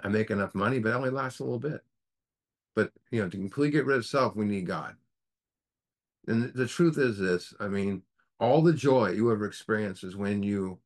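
Earnest low-voiced man leading a study. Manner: earnest, preacher-like, asks the group rhetorical questions. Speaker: recovery group study leader. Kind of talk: teaching a group study.

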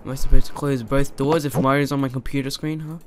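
Excitable young man yelling at a horror game. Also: medium pitch, quick pace, slight background noise. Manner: excitable, talks to the game characters, yells when startled. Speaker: gamer. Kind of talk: let's play commentary.

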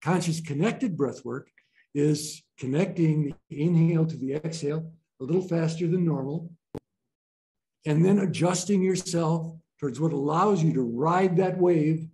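A man teaching a group about breathwork in a gentle, playful way, often laughing as he talks. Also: a little high. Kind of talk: informal group teaching talk. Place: training room with a group.

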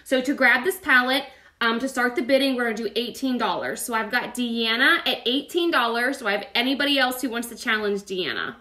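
A woman with a drawl hosts a live online auction, calling out bidders by name in a chatty, playful way. Her voice sits high and comes across bright and sharp, with laughter never far off. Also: lively intonation, normal speed. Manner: chatty, upbeat, calls out bids by name. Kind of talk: casual live-stream auctioneering.

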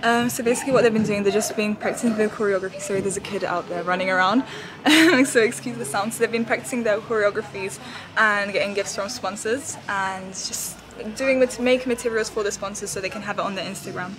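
A woman's voice: medium pitch, a little fast, crowd noise. A young woman in her twenties vlogging casually, chatty and rambling, often laughing as she talks. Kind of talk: casual vlog chat. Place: around a rehearsal venue and central London.

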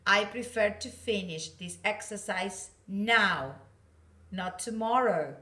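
A woman teaching an English class, slow and patient, often checking in with "yes, okay?". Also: medium pitch, bright, forceful tone, distant mic. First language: Spanish. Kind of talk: recorded online class. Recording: roomy, from off-mic.

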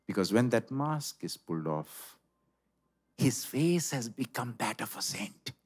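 Animated, slow-paced male preacher. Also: medium pitch, breathy edge. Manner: dramatic, animated storyteller. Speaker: pastor. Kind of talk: sermon with storytelling. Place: church.

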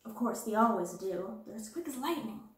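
A woman doing a bright, imaginative young girl. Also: a little high, expressive, normal speed, very echoey, far from the mic, close to an everyday voice. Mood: playful. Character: bright imaginative schoolgirl, confident storyteller.

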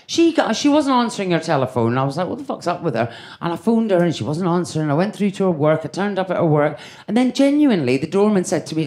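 A woman's voice: on the low side, sing-song, a little fast, mellow. A woman in her fifties doing a stand-up comedy set on a club stage, brash, sweary and chatting straight to the crowd. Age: 50s. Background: audience laughter.

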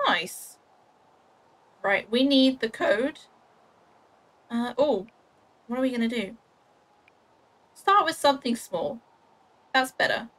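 On the high side and a bit bright, the voice belongs to a young woman giving casual gameplay commentary. She chats with her viewers and herself as she streams, making fun of her own clumsy playing.

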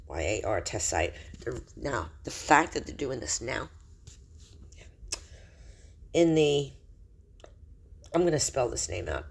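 Middle-aged male host, mid-pitched and gravelly, news read-through with commentary, trips over and spells out place names. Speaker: Christian video host. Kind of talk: reading news aloud with personal commentary. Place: room in a house. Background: faint background noise.

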